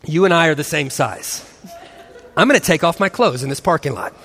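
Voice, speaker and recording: A man's voice: a little high, animated, brisk, fairly bright tone, husky, long reverb tail, a faint crowd. A man in his forties telling a story to an audience as a co-host, acting out the quotes and laughing often. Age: 40s. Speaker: pastor co-host of a marriage and parenting session.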